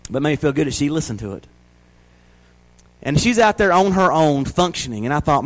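A man in his forties preaches with a Southern US accent and a noticeably high voice for a man. He talks in a folksy, down-home way and keeps throwing rhetorical questions at his congregation. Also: big pitch swings, a little fast, pauses often, a bit bright, rough recording. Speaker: pastor. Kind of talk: sermon.

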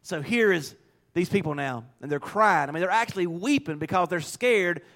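A man's voice: high-pitched, expressive, normal speed, a bit bright. A man preaching a sermon in a folksy, emphatic storytelling manner.

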